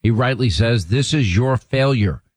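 A man hosting a radio talk show, speaking briskly and emphatically as he sets up his guest. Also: mid-range voice, lively intonation, a little mellow, no room sound, low-quality recording. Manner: brisk, emphatic, reads quotes aloud.

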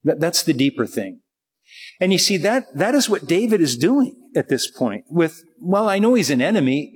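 A man preaching a sermon in a conversational way, reading scripture slowly and deliberately. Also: fairly high pitch, husky. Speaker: pastor. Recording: long reverb of a large hall.

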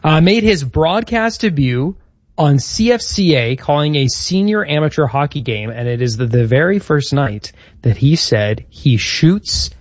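A man's voice: a little high, expressive, unhurried, no echo, dull audio. A man co-hosting a casual chat, telling history from his notes. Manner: storytelling, reading out history notes. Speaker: podcast co-host.

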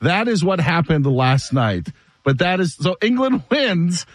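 A man hosting a sports radio show, telling stories in a casual, animated way and laughing often. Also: fairly high pitch, a little slow, no echo.

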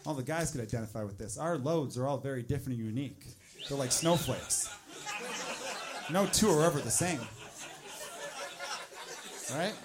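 A man doing a stand-up comedy set, swinging into loud, exasperated acted-out asides. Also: medium pitch, expressive, moderate pace, pauses often, some chatter behind.

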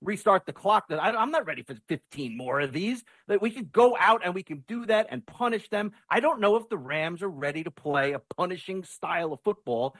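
A man giving excitable, stumbling takes as a guest on a sports podcast. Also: sits high, fairly quick, hardly any pauses, no room sound. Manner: excitable, repeats words when starting. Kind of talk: casual sports talk.

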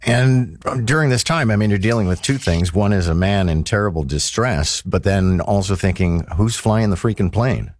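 A man hosting a talk radio show, brisk and conversational as he introduces and questions a guest. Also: low-pitched, dry recording, clean studio sound.

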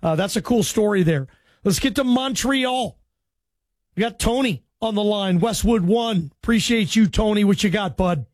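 A man's voice: sits high, normal speed, dry recording. A man hosting a sports radio call-in show, friendly and chatty, thanking callers and asking his crew questions. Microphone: studio microphone.

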